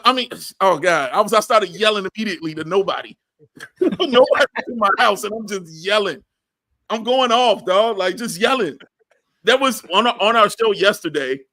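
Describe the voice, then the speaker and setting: A man's voice: high-pitched, bright, forceful tone. A man co-hosting a sports podcast, ranting heatedly in casual talk and repeating phrases for emphasis. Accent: Chicago.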